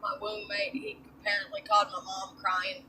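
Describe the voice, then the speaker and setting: A woman's voice: medium pitch, moderate pace, sharp tone, a little hiss or hum, rough recording. A young woman chatting casually, giving short, dry answers. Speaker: partner joining the vlog. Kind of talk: casual chat.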